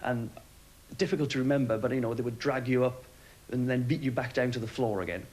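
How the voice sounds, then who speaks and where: Fast-talking man with a flat delivery. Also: medium pitch, poor audio. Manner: steady, matter-of-fact retelling. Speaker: former RAF aircrew interviewee. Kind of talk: documentary interview recollection.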